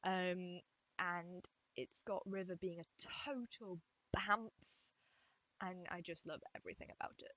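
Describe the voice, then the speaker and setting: A woman's voice: on the low side, fairly even intonation, a little slow, a bit bright, dry recording, lo-fi sound. A young woman answering fan questions in a casual vlog, rambling and self-deprecating, recorded at home. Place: home room at her desk.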